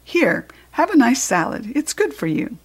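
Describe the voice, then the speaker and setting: A woman reading a storybook aloud, voicing a loud, cheerful male night janitor in a raised, jovial voice. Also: very animated, normal speed, breathy edge, full character voice. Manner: booming, jovial, high and bright.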